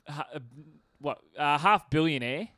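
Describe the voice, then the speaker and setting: A man's voice: fairly high pitch, moderate pace, fairly bright tone, no echo, studio quality. A young man co-hosting a podcast, talking casually, swearing, laughing and telling stories, with "mate" in every other sentence. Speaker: podcast co-host. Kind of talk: casual chat.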